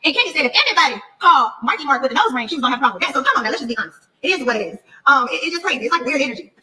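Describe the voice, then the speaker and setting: A woman's voice: sits high, rapid-fire, far from the mic, rough recording. A woman on a podcast, candidly telling a story and acting out the voices of the people she quotes. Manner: animated, mimics voices in retold conversations. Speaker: reality TV cast member on a podcast.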